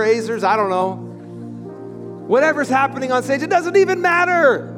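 Male pastor, high voice, animated sermon in a church with faint music behind. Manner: animated preaching, swinging from loud to hushed. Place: church sanctuary. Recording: echoey hall with music.

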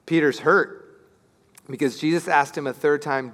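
A man preaching an Easter sermon as pastor, telling the story with lively acted-out voices and swinging between hushed and loud. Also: mid-range voice, moderate pace, long reverb tail.

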